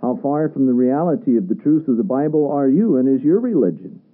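A man's voice: medium pitch, animated, a little fast. A man preaching a sermon, reading scripture aloud and pressing his listeners with emphatic rhetorical questions. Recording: tinny radio broadcast sound.

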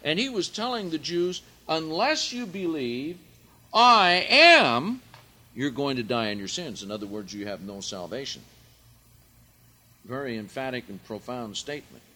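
A Bible teacher with a medium-pitched male voice leads a verse-by-verse study, speaking deliberately. When he quotes scripture, his voice swells loud and emphatic.

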